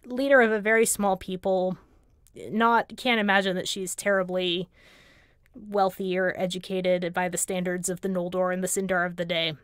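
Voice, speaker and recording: A woman on a casual livestream, recounting fantasy lore in an animated storytelling manner with wry asides. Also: on the low side, normal speed, smooth, no echo, clean studio sound. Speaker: guest lore commentator.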